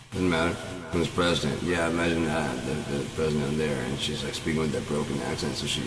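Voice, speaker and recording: A man's voice: very deep voice, background noise. A man hosting his own channel, rambling through a sarcastic, profane monologue. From United States. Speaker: channel host. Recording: echoey room from far off the mic.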